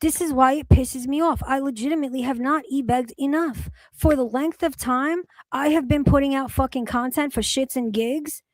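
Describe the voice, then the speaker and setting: A woman's voice: high voice, normal speed, few pauses, dry recording. A woman hosting a livestream, chatting casually and ranting sarcastically with plenty of swearing. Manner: profane, sarcastic rants. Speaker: streamer host.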